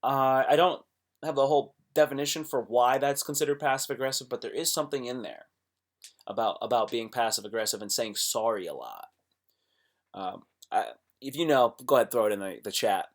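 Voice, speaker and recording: A young man speaking casually to a live stream audience with a motivational message. He swings between low murmurs and loud exclamations, and he acts out the voices he quotes. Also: brisk.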